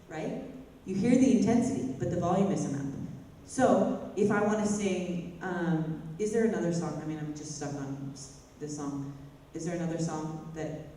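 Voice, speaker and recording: A woman's voice: on the low side, normal speed, dark tone. Woman voice teacher, casual and chatty, sings short demos; roomy hall sound with some faint noise. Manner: chatty, demonstrates by singing phrases. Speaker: vocal coach. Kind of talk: teaching a worship singing class. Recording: echoey hall, mic from far off, faint noise.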